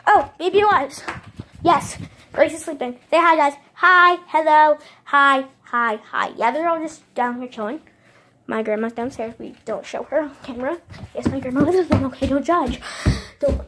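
A young woman with a notably high voice chats straight to camera as she walks through her family home. She is bubbly and dramatic, calling her viewers "guys" and playing up every little mishap. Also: normal speed, slight background noise. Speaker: vlogger giving a house tour. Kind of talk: casual chat to camera.

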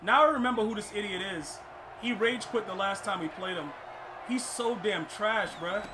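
A man's voice: high voice, moderate pace. A young man commentating his own football video game match, ranting in frustration and stumbling over his words. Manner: frustrated, ranting, stammering restarts. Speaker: gaming streamer. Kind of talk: live gameplay commentary. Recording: clear background noise.

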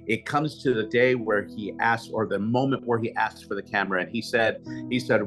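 A man telling a personal story as an interview guest, animated and acting out what others said. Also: on the low side, brisk, hardly any pauses, faint music behind. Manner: animated storyteller, repeats "he said" while acting out quotes. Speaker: prophet and guest speaker.

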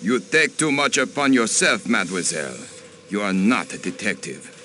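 An actor voicing a haughty aristocratic count and diplomat in a mystery game, curt and dismissive. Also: male voice, lowish voice, sing-song, moderate pace, pushed and bright, a little hiss or hum. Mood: indignant.

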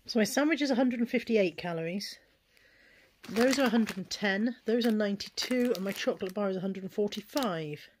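A woman's voice: mid-range voice, fairly quick, noisy background. Chatty British woman vlogging at home. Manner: chatty, frank, self-deprecating. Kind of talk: casual chat to camera. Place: at home, kitchen and bedroom.

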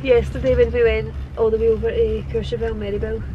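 A woman's voice: fairly high pitch, flat delivery, quick pace, lo-fi sound. A woman chatting casually as an interviewee in a vlog, outdoors on ski slopes. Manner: chatty, storytelling. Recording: strong wind noise outdoors.

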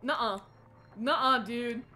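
A woman's voice: on the high side, slow, bright, forceful tone, a little hiss or hum. A young woman streaming a horror game live, jittery and self-deprecating, chatting with her viewers. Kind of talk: casual live gameplay commentary.

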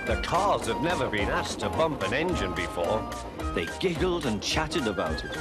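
A man narrating a children's storybook tale in a gentle, lively manner. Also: mid-range voice, normal speed. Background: background music.

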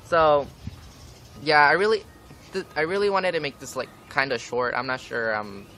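A man's voice: on the high side, moderate pace, pushed and bright. A young man ranting casually to camera for a vlog, swearing often and filling with "like". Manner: frequent swearing, ranting, many fillers. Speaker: vlogger. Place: outdoors, windy. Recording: wind and traffic noise outdoors.

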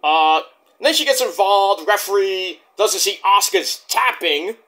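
A man's voice: high-pitched, lively intonation, a little slow, sharp tone. A man reviewing a wrestling show in a heated, profane, rambling rant.

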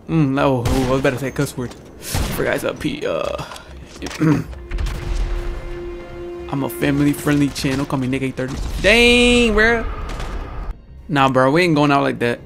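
A man's voice: medium pitch, moderate pace, pauses often, music in the background. A young man commentating his own gameplay and taunting opponents with the same lines again and again. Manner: trash-talking, repetitive taunts to opponents. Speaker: gaming YouTuber. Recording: noisy with gunfire in the background. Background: game gunfire and explosions.

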